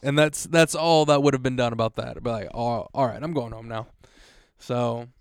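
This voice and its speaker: A man's voice: medium pitch, fairly even intonation, normal speed, clean tone, dry recording, clean studio sound. A man in his twenties co-hosting a podcast, talking in a laid-back, matter-of-fact way in casual chat. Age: 20s. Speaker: podcast co-host.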